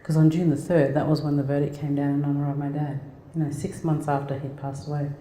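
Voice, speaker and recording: A fast-talking Australian woman in her 40s addresses a lecture hall as a guest speaker, her low, warm voice holding a level tone. Her talk is heartfelt and conversational, built on personal stories with many restarts, and the hall's echoey reverb is audible.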